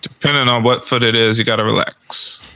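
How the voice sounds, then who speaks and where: A man's voice: mid-range voice, fairly even intonation, a little fast, bright, forceful tone, no room sound. A young man co-hosting a podcast, telling a story in loose, joking casual chat and laughing often. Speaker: podcast co-host.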